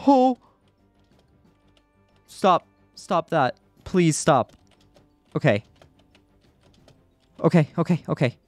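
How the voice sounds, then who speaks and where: A man's voice: on the high side, sing-song, drawn-out words, pauses often, dry recording, soft background music. A man giving live commentary over his own gameplay, anxious and repeating himself under pressure. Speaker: gaming YouTuber.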